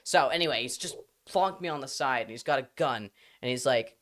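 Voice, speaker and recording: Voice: medium pitch, expressive, fairly quick, a bit bright. A live streamer chatting casually with their audience, rambling, laughing often and swearing freely.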